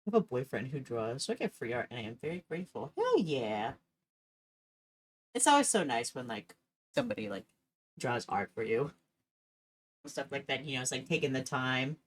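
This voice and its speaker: A woman's voice: very deep voice, very animated, normal speed, long pauses. A young woman streaming, chatting casually and laughing often as she tells stories. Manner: giggly, laughs often while storytelling.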